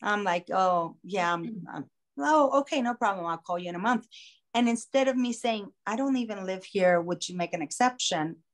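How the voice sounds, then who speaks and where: A woman podcast host telling a story in a casual, animated way, acting out the voices of the people in it. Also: mid-range voice, moderate pace. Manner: animated, acts out quoted voices. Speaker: singer.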